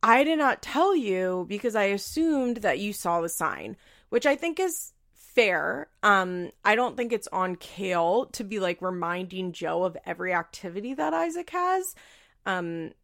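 This woman's mid-range voice is sing-song and a bit bright, with vocal fry and a slightly slow delivery. She chats through a reality TV recap, sharing strong opinions, saying "like" constantly and dropping the occasional curse.

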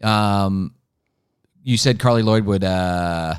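Low-voiced man in rambling sports chat. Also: takes it slowly, clear, resonant tone, no echo, clean studio sound. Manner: rambling, full of "like" and "um". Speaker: podcast co-host.

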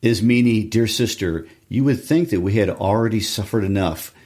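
Guy reading brave stubborn young heroine, firm and determined, really low voice. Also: moderate pace, a little mellow, lightly acted. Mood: earnest. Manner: firm, determined read-aloud. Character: brave headstrong young woman, Antigone. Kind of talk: classroom play reading.

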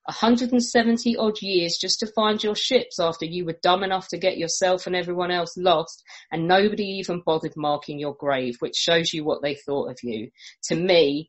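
A low-pitched woman with a husky edge to her voice. She rants bluntly and sarcastically, swearing freely as she tells a history story on a casual podcast. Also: rough recording. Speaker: podcast co-host presenting a history topic. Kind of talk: casual comedic podcast chat.

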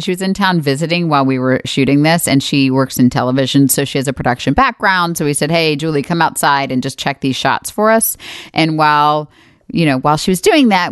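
A woman in her forties co-hosting a relaxed podcast conversation. Her voice sits low, and she talks in a lively way with frequent laughter. The sound is close and dry. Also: clear, resonant tone, no echo. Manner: lively, laughs often, animated quoting. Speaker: podcast co-host. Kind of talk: casual chat.

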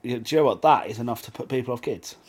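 A man's voice: medium pitch, racing, a little mellow, breathy edge. A man co-hosting a podcast, teasing his co-host in casual chat. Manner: teasing, dry banter.

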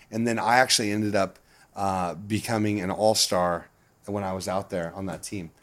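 A man being interviewed, telling stories in a casual, animated way with a lot of swearing and frequent laughter. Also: fairly low pitch, moderate pace. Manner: profane, animated, laughs often. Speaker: guest. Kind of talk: casual storytelling.

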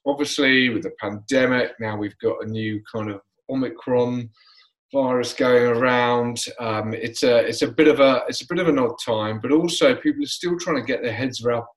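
Male podcast host from the UK, off-the-cuff solo talk, flat delivery with lots of fillers. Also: mid-range voice, normal speed, low-quality recording. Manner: loose, conversational, many fillers and restarts; self-described monotone. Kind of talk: unscripted solo monologue.

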